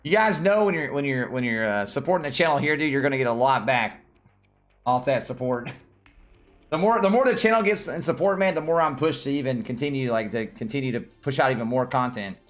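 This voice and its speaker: A man's voice: mid-range voice, brisk, soft background music. A man from Tennessee with a Southern accent, chatting casually as a livestream host and laughing often. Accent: Southern American. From Tennessee, USA. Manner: laughs often, lively and excitable.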